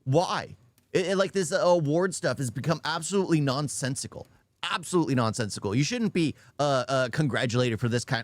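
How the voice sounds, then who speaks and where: A man's voice: on the high side, expressive, moderate pace, dry recording. Blunt, ranting man. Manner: blunt, repeats his points, frequent restarts. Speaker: YouTube reaction commentator. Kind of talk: unscripted rant reacting to a video.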